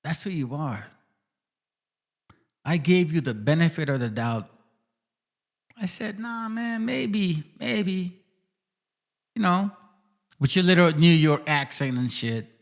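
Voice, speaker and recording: A man hosts his channel in a heated, profane rant aimed straight at people. His voice sits fairly high and ranges widely as he talks. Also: lively intonation, a little slow, pauses often. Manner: confrontational, profane, addresses people directly. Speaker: channel host. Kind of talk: ranting monologue.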